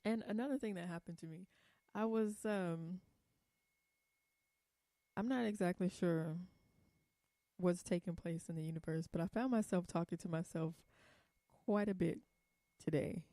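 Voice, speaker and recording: A woman's voice: fairly low pitch, measured pace, long pauses, mellow, no room sound, clean studio sound. Blunt, rambling young woman vlogger. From California. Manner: blunt and profane, rambling with many ums. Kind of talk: casual vlog monologue.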